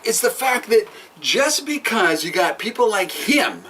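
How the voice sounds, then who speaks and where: A man's voice: high voice, sing-song, measured pace, bright, forceful tone, slightly rough, recorded from a distance. A man co-hosting a casual chat over drinks, teasing and laughing often. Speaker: podcast co-host.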